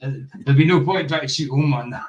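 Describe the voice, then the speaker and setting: A man from Wales hosting a casual livestream chat, excitable and quick to laugh and apologise. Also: fairly high pitch, dull audio. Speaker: livestream host. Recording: noisy stream mic with clicks.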